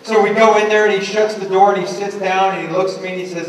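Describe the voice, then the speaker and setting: A middle-aged man with a high-pitched voice gives a motivational talk to teachers as an education speaker, telling stories and acting out the voices with animation. He talks fast with hardly any pauses. The recording has a faint hiss or hum and was captured from a distance in an echoey room.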